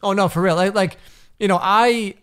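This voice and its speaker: A man's voice: sits high, moderate pace, a bit bright, clean tone. A man in his thirties, a podcast guest, chatting casually in a rambling way with many restarts. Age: 30s.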